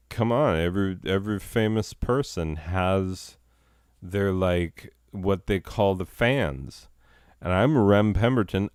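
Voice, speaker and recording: A man's voice: deep voice, darkish tone, clean tone, no echo, clean studio sound. A man hosting a comedy show, rambling through improvised, self-mocking banter full of fillers.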